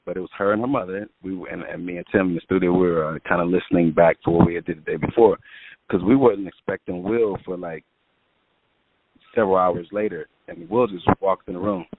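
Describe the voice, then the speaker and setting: A man's voice: deep voice, fairly even intonation, fairly quick, dry recording. A man, a music producer guest, telling long casual stories in an interview with many fillers. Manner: rambling anecdotes with many fillers. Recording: tinny phone-line sound.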